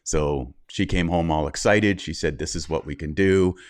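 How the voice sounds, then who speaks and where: Man, middle-aged, very low pitch, candid storyteller, dry recording. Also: normal speed, clean tone, dry recording. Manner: candid, animated storyteller who acts out quotes. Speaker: guest. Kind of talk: interview storytelling.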